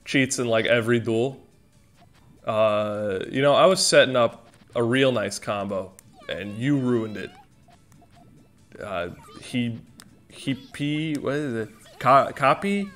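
A man's voice: medium pitch, lively intonation, slow, long pauses, fairly bright tone, faint music behind. A man giving rambling, joking commentary as he plays a video game stream. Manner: rambling, self-joking, exclamatory. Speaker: gaming streamer. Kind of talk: casual gameplay commentary.

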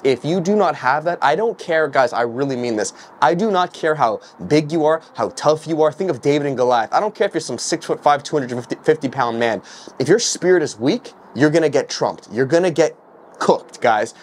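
A man's voice: medium pitch, slight background noise. A young man and street preacher giving an earnest, exhorting casual vlog sermon to camera, often addressing his viewers as "guys".

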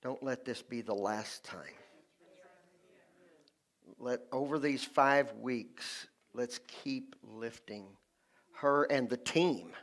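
A man leading a church service as pastor, fervently repeating short phrases for emphasis. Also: mid-range voice. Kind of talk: sermon. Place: church sanctuary.

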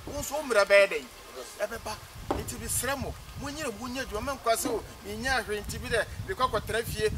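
Fast, high-voiced Ghanaian man pleading. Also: noisy background. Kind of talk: rallying speech.

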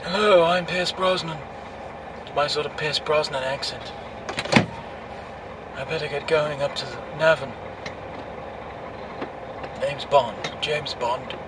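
A man putting on a deliberately poor, jokey impression of a suave male film spy, recorded outdoors. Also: fairly high pitch, fairly even intonation, recorded from a distance, noisy background, pitched above the performer's own voice. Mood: mock suave.

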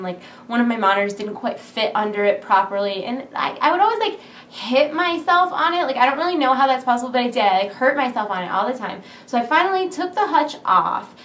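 A young woman vlogging casually from home, rambling with lots of "like", excited and nervous, recorded on her camera mic in a big empty room. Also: a little high, roomy sound, a little hiss or hum. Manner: chatty, rambling, full of "like". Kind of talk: casual vlog chat. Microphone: camera's built-in mic.

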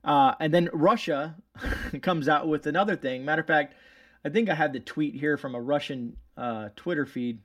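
A man's voice: a little high, normal speed, fairly bright tone, dry recording, studio quality, far from the mic. A man hosting his channel, reading news articles aloud and commenting on them in a rambling, sarcastic way with many fillers and restarts. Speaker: channel host.

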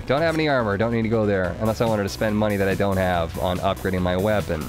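A man with a fairly low voice streams a video game, talking fast with few pauses as he chats with viewers, thanks them, and muses aloud over items. Game music plays in the background of this casual live commentary.

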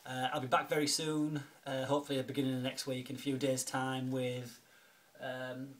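This film-collecting video blogger speaks fairly quickly in a mid-range, level tone. Filming a casual home vlog, he thanks a friend warmly, rambling along with plenty of fillers and false starts.

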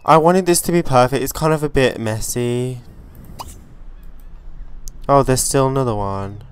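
A man hosting a let's play, giving chatty, excitable gameplay commentary and swearing freely. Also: medium pitch, measured pace, smooth.

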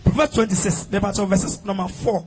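A man's voice: high-pitched, slight background noise. Ghanaian man reading scripture aloud. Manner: reads Bible verses aloud, quick and steady. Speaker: scripture reader in church.

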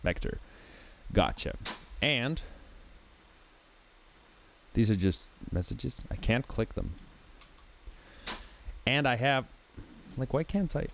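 A man giving casual gameplay commentary as host of a let's play, thinking aloud in a musing, halting way. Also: medium pitch, lively intonation, a bit bright, slight background noise. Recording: game music clearly behind.

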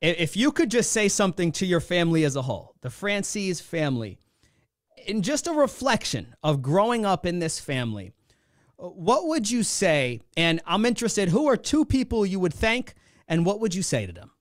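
Earnest male podcast host, smooth voice. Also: high-pitched, big pitch swings, no echo, studio quality. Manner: earnest, admiring, halting phrasing. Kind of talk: interview questions.

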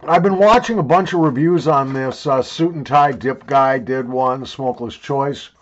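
A man's voice: medium pitch, moderate pace, lo-fi sound. An older man rambling and joking crudely while he talks around a wad of chewing tobacco in a casual review video.

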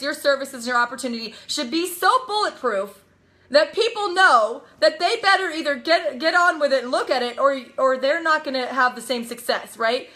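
A woman network marketing coach giving a lively motivational talk, emphatic and energetic, acting out little quotes as she goes. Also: sits high.

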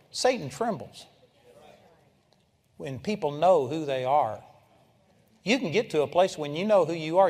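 An older man preaching a sermon, telling folksy personal stories and breaking into loud shouts when he acts out a scene. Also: fairly high pitch. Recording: live sermon in a large reverberant hall.

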